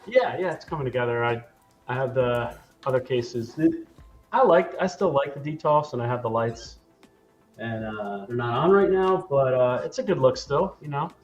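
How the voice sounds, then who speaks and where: An American man chatting casually as a guest on a livestream panel, relaxed and easygoing. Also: mid-range voice, normal speed, highs cut off, soft background music. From United States.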